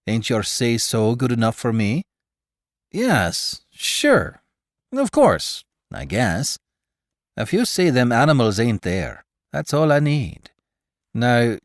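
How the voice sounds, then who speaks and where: A man's voice: mid-range voice, no room sound, studio quality. Marnigan, a man doing a brash Irish spaceman. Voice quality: swaggering, folksy brogue. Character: big brash Irish spaceman, tough and cocky.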